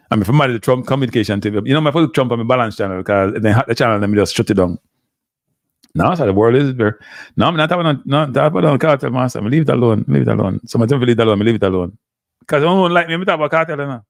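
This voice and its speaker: A man's voice: medium pitch, no room sound, clean studio sound. A man with a Jamaican accent hosting a live stream, talking casually and switching between standard English and patois. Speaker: live show host.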